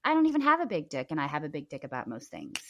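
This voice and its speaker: A woman's voice: deep voice, rapid-fire, dull audio, slight background noise. A young woman, a guest on a podcast, telling stories in casual chat and saying "like" a lot. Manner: animated storytelling, frequent "like". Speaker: guest, former reality show contestant.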